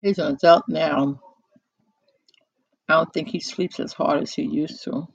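A host of a live call-in talk show chatting casually into a close microphone, unhurried and musing, with many pauses and fillers. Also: medium pitch, steady tone, creaky, slightly rough, no echo, dull audio.

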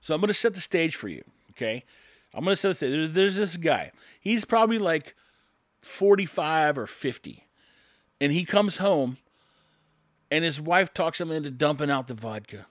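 A man's voice: fairly high pitch, lively intonation, moderate pace, no room sound, studio quality. A man, a construction worker, in a sarcastic, rambling opinion monologue to his viewers.

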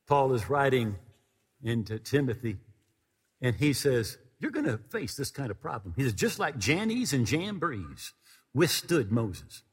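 A man preaching a sermon, retelling a story with lively quoted dialogue. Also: mid-range voice, unhurried, breathy edge. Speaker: pastor. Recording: long hall reverb.

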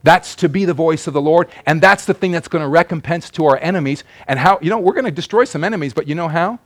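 A man preaching a sermon. He moves from loud, emphatic declarations to quiet asides. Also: fairly high pitch, fast talker. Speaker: pastor.

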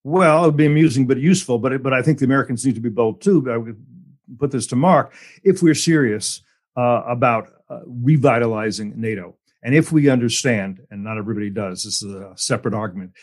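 A man moderates a policy panel and puts questions to each guest. He talks in a mid-pitched voice. His phrasing is relaxed and conversational, with frequent hedges. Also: fairly quick.

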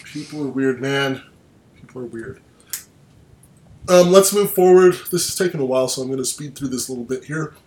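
A man's voice: medium pitch, normal speed, pauses often, darkish tone, roomy sound. A man hosting a casual online chat, rambling with restarts and sardonic asides. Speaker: podcast host. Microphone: online call.

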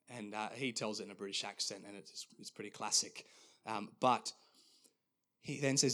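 A man preaching a sermon as pastor, earnest and conversational with many halting restarts. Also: medium pitch, fairly bright tone.

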